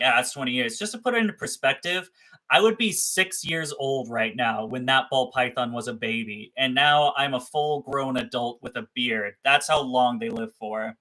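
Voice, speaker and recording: Chatting casually on a livestream, a young man rambles about his reptiles, cursing freely and poking fun at himself. His voice sits mid-range and has a sharp tone.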